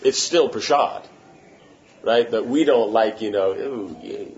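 A spiritual teacher gives a relaxed devotional talk at a measured pace in a medium-pitched voice. He speaks conversationally, often pausing to ask whether what he's said makes sense. Faint room noise accompanies a slightly muffled recording.

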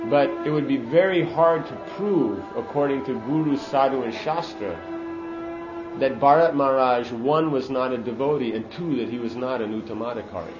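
A man delivers a scripture lecture in an earnest, emphatic teaching voice of middle pitch. The sound is roomy and a little muffled. Music plays clearly behind him. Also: normal speed. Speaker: speaker giving a scripture class. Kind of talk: sermon on scripture.

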